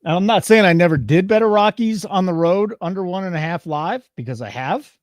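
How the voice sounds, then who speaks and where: A man's voice: sits high, a little fast, dry recording, studio quality. A man co-hosting a live sports betting show, chatting casually and teasing his co-host while reading chat comments aloud. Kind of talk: casual live-stream banter.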